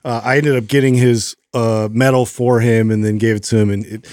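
A male podcast co-host rambles through a story in casual chat, full of fillers and animated retellings. His voice sits at an ordinary middle pitch. The sound is dry and close, as in a podcast studio. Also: brisk, dry recording.

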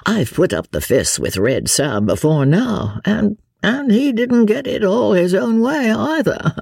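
A woman reads as a lazy, foppish English lord in a storybook reading, drawling his oaths with easy good humour. The voice is gravelly and husky, swinging widely in pitch. It is recorded dry and close. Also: sing-song, measured pace, a little mellow, no room sound, heavily acted. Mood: jovial. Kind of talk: audiobook character reading.

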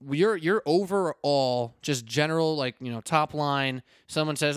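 A man's voice: on the high side, measured pace, hardly any pauses, clear, resonant tone, dry recording, clean studio sound. A man hosting a casual sports podcast, joking and rambling with frequent restarts. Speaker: podcast host. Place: indoors at a table with a co-host.

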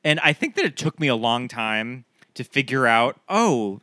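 A man co-hosting a casual movie podcast, adding playful asides and quick interjections. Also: medium pitch, big pitch swings, bright, forceful tone, dry recording, studio quality. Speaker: podcast co-host.

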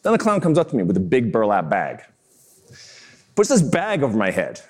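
A man in his fifties giving a storytelling talk to business leaders, animated and self-mocking as he acts out scenes. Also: lowish voice, a little fast. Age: 50s. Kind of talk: keynote-style storytelling talk.

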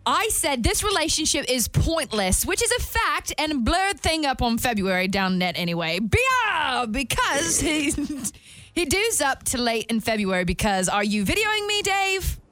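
A woman putting on a tipsy British-accented woman who rambles and slurs. Her voice sits a bit high, and the mic sound is dry. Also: big pitch swings, a little slow, fairly bright tone, no room sound, faint music behind, exaggerated voice. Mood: rambling. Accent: imitation British. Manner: rambling, slurred.

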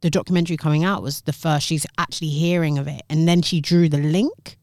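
A woman's voice: low voice, steady tone, quick pace, a little mellow, no room sound, studio quality. A woman, co-hosting a casual podcast and telling stories in a chatty way, with slang and swearing. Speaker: podcast co-host.

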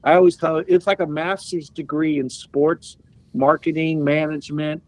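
A man in his sixties, a podcast guest telling animated anecdotes and laughing as he goes. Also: a little high, normal speed, no echo, poor audio. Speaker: guest, former soccer player. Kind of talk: casual storytelling.

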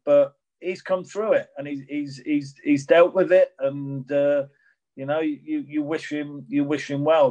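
A man's voice: mid-range voice, a little mellow, lo-fi sound. A middle-aged man, a former footballer, answering interview questions in a rambling way with many restarts. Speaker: former professional footballer guest.

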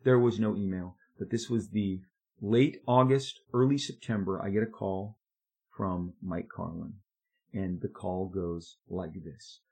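Husky, animated storyteller man in his 50s. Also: low voice, measured pace. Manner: animated, emphatic, speeds up when excited. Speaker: comic book artist. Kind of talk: storytelling monologue.

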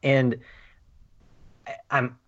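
A man's voice: mid-range voice, little pitch movement, extremely slow, lo-fi sound. A man chatting casually about a film, thinking aloud and acting out little quoted asides.

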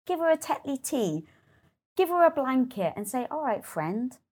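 A woman's voice: sits high, big pitch swings, normal speed, darkish tone, husky. A middle-aged woman talking candidly in an interview, acting out her inner critic and swearing freely. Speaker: guest.

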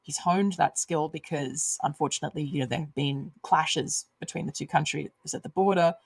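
A woman's voice: low voice, moderate pace, creaky, slightly rough, dry recording. A woman author talking enthusiastically and thoughtfully about her writing in a conversational interview. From Australia. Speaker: author guest.

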